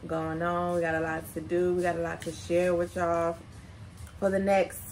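A woman co-hosting a casual mukbang video at home, relaxed and easygoing as she talks to viewers. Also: fairly low pitch, normal speed, a little hiss or hum. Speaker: co-host of a food vlog channel. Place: at home, indoors.

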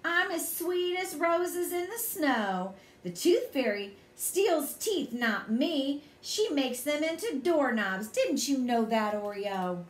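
A woman's voice: high voice, very animated, takes it slowly, few pauses, heavily acted. A woman voicing an ornery little girl who taunts in a sing-song way. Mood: taunting. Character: ornery, giggling tomboy sister. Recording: echoey room.

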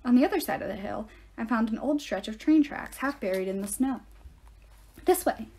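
A woman reading a novel aloud in steady first-person storytelling. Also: a little high, fairly quick. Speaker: audiobook reader.

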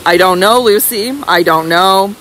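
A woman voicing an older baronet who speaks gravely and fondly to his wife. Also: medium pitch, a little slow, fairly bright tone, slight background noise, natural voice, low-quality recording. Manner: grave, affectionate, bewildered. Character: older male baronet, kindly, bewildered, fond husband.

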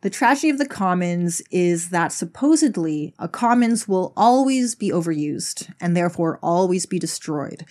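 A woman's voice: fairly low pitch, expressive, normal speed, hardly any pauses, a little mellow. A woman narrating an explanatory video essay, telling a story in a wry, conversational way.

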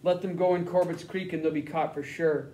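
A man's voice: fairly high pitch, fairly even intonation, fairly quick, dark tone, a little hiss or hum, close to an everyday voice. A man voicing a tied-up, injured boy who whispers, barely audible, and stays defiant. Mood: hushed. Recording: roomy echo.

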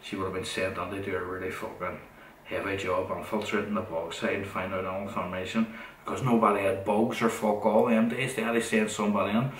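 A middle-aged man with a Northern Irish, Derry accent tells a long, rambling story. His voice is low and flat, and he swears bluntly and repeats himself. He sits back from the mic in a roomy, echoing room with faint noise. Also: a little fast, distant mic. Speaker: podcast host.

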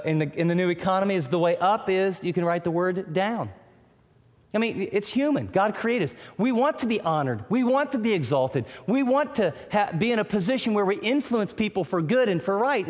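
A man preaching a sermon as a pastor, emphatic, with dramatic pauses and swings between loud and quiet. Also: high-pitched, in a large hall.

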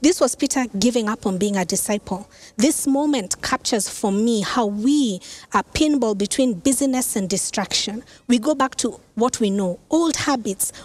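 A woman pastor delivers her sermon in a slightly high voice, telling the story with energy and the ease of conversation. She drops in casual asides as she goes. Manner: animated storytelling, acts out quoted lines.

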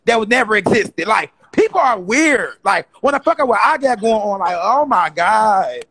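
A young man ranting in a profane, exasperated, fast-talking comedy style. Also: high voice, lively intonation, a bit bright, husky. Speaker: comedy creator.

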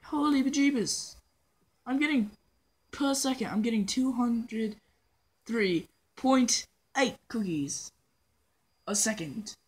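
Slow and full of long pauses, a woman with a higher, darkish, breathy voice hosts casual let's-play commentary for her gaming channel. She adopts a fake British persona, rambling playfully, poking fun at herself and trailing into hummed nonsense over a phone recording.

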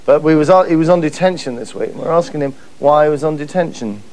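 A man gushes through a camp, mock-pompous comic monologue in a fairly high voice. A steady noise hiss sits behind him. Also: fast talker. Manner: camp, gushing, repeats "that's lovely". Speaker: comedy host.

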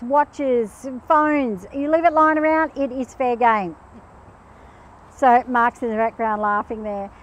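A woman with a fairly high-pitched voice giving casual advice about pets. She tells her stories in an animated way and acts out each quote in it. Her talk is loose and chatty, full of asides. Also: poor audio. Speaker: pet behaviour guest. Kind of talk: casual chat with anecdotes.

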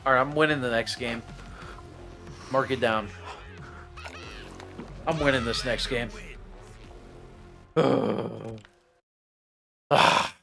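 A man's voice: mid-range voice, very slow, vocal fry, pauses often. A man live-streaming a fighting game, talking to his chat in casual slang, cursing and calling people bro. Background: game music.

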